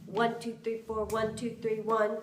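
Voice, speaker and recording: A woman flute instructor speaks in a fairly high, monotone voice, unhurried, counting beats aloud and singing articulation syllables in a lesson. Background noise and flute playing are present. She's heard from afar in an echoey room.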